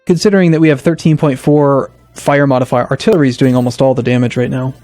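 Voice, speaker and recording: A man casually commenting on his strategy game as a let's play host, thinking aloud with hesitant restarts and sudden bursts of excitement. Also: medium pitch, quick pace, no echo, faint music behind.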